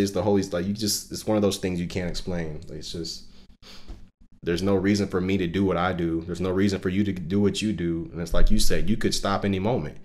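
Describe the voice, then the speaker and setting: A man telling a personal faith story on a casual podcast, earnest and emotional, with lots of fillers. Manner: rising pitch and loudness when recounting intense moments. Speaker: podcast co-host and Christian musician.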